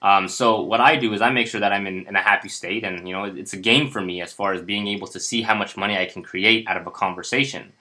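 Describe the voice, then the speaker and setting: A man's voice: fairly low pitch, steady tone, quick pace, hardly any pauses, sharp tone. A man casually walking viewers through a personal finance spreadsheet, chatty and upbeat, with many fillers and restarts. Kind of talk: casual screen-share tutorial.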